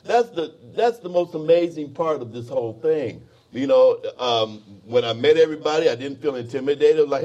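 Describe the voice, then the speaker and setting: A middle-aged man, a guest musician, telling stories in a casual interview, animated and peppered with "man" and "you know". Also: mid-range voice, moderate pace, hardly any pauses, highs cut off.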